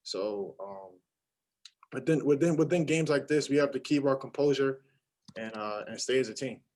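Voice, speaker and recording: A young man, a college basketball player, answering postgame press questions in a halting way with many fillers and restarts. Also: mid-range voice, darkish tone, poor audio. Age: young adult.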